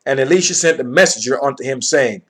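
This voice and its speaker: A man's voice: medium pitch, fast talker, a bit bright. A man teaching from the Bible, reading verses aloud and then explaining them in plain words, often checking in with his listeners.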